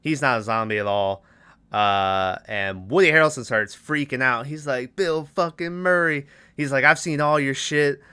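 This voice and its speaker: Retelling a film one scene at a time, this young man hosts a casual podcast chat full of laughter and rough quotes. He talks at normal speed in a clear, resonant, sharp mid-range voice with no echo.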